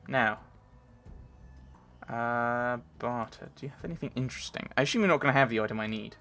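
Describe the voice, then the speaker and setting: A man's voice: medium pitch, brisk, pauses often, a bit bright. A man giving casual, rambling commentary while playing a game, thinking aloud and reading on-screen text. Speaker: let's play gamer.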